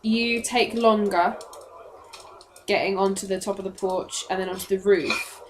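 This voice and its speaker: A woman's voice: medium pitch, steady tone, a little slow, background noise. A woman as game master, narrating scenes in a descriptive, matter-of-fact way.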